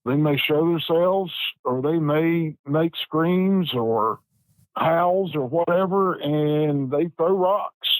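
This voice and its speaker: A man, telling a personal story in a plainspoken, folksy way with halting pauses. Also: a little high, no room sound, poor audio. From West Virginia. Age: 50s. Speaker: Bigfoot researcher guest.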